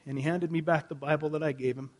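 Husky-voiced man preaching with dramatic swings. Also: fairly even intonation, fast. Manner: preaching with swings from loud emphasis to hushed low lines. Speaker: pastor. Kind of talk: sermon.

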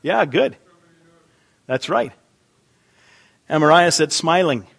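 A man's voice: fairly high pitch, expressive, slow, vocal fry, a bit bright. A man preaching a sermon in church, chatting with the congregation, repeating their answers aloud and often restarting his sentences. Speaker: pastor. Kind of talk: interactive sermon.

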